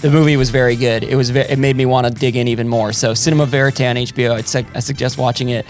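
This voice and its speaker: A man's voice: medium pitch, steady tone, fast talker, faint music behind. A man from the American Midwest co-hosting a podcast in casual chat, talkative, laughing often and restarting his sentences. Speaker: podcast co-host. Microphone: remote call setup.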